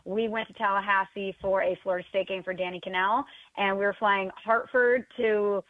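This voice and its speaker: A woman's voice: mid-range voice, fairly even intonation, normal speed, no room sound. A woman calling in to a sports radio show, telling self-mocking stories in a chatty, casual way. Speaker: radio guest. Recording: tinny phone line.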